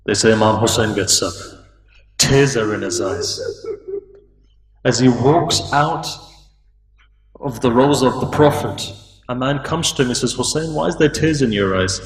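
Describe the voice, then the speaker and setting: A man preaching a sermon, telling a story and voicing its figures, rising to high, pleading peaks. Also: animated, measured pace, long pauses. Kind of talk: emotional religious sermon storytelling. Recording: echoey room, distant mic.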